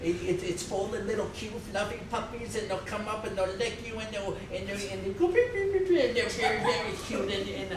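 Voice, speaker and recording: A man's voice: high-pitched, little pitch movement, fairly quick, hardly any pauses, close to an everyday voice. Guy doing a nervous stammery date, improv stage, crowd behind, far from mic. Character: nervous awkward young man on a date. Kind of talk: live improv comedy. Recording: echoey stage from far off with audience.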